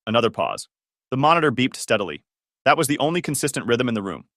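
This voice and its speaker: A man calmly narrating a first-person story in scripted narration. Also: mid-range voice, quick pace, dry recording, studio quality.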